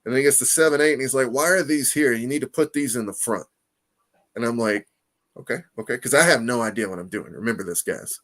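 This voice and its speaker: Animated, swearing man telling a story. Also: mid-range voice, fast. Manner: animated, profane, lots of "you know what I mean"; acts out quoted voices, laughs often. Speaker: comic artist guest. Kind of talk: casual storytelling interview.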